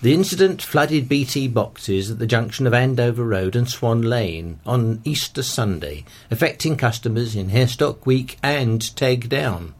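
A man reading local newspaper stories aloud in a measured, careful way. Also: medium pitch, expressive. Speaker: volunteer news reader.

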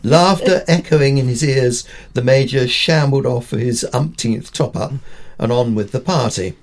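A man's voice: medium pitch, a little slow. An older man from Pakistan reading his own opinion column aloud, with wry, dry humour. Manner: wry, dryly humorous storytelling.

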